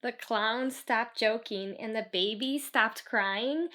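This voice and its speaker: A woman's voice: fairly high pitch, takes it slowly, bright, forceful tone, a little hiss or hum. A woman reading a children's book aloud, stopping for chatty asides to explain the story to kids. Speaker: storybook reader.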